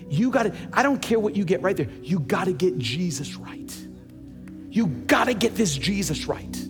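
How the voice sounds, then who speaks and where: A man's voice: high voice, very animated, normal speed, big-room sound, over music. A man preaching a sermon as pastor, emphatic and repeating words as he builds his points.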